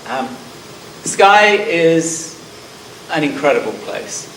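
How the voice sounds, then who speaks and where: In a slightly high, bright, sing-song voice, a middle-aged man from Scotland with a southern English accent delivers a slow conference talk, um-ing often and putting himself down. The distant recording carries roomy hall sound and a little hiss or hum.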